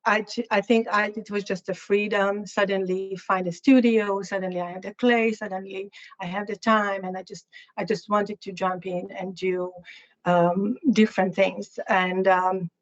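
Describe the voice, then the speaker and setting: Speaking at a middle pitch in a level tone, a Hungarian-accented woman who is a guest artist lecturer describes her own work frankly but haltingly, hunting for words. She sounds slightly hoarse and clears her throat, and the audio comes across somewhat muffled and dull.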